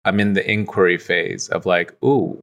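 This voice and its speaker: A man's voice: on the low side, moderate pace, fairly bright tone. A man speaking as a podcast guest in casual conversation, reflective and easygoing, with many "like" fillers.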